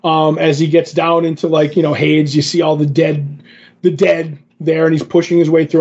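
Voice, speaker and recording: A man with a slightly husky, higher voice rambles through a comic recap, acting out the quoted lines as he goes. The podcast audio sounds dull and lo-fi. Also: a little mellow. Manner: rambling, filler-heavy retelling with quoted dialogue. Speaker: podcast co-host. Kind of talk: casual comic book recap chat.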